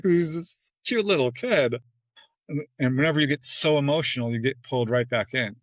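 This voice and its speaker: A man talking as a podcast guest in casual storytelling, acting out quoted exchanges with sudden jumps in pitch and laughing often between phrases. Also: a little fast, no echo, rough recording.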